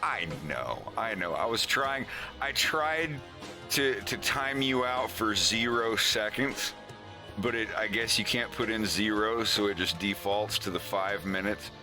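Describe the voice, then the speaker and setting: A man's voice: lowish voice, a little slow, over music. A man chatting casually on a live stream, rambling, laughing often and making fun of himself. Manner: laughing, self-mocking, rambling.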